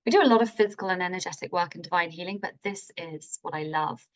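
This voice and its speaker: A woman's voice: fairly low pitch, quick pace. A woman leading a live online healing masterclass, enthusiastic and informal, with playful turns of phrase. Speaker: healing workshop teacher.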